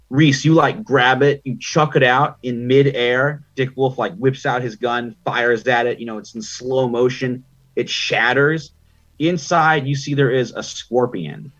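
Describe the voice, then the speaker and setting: A man's voice: medium pitch, fairly bright tone, lo-fi sound. A man narrating a tabletop game as game master, chatty and loose, with many ums and likes.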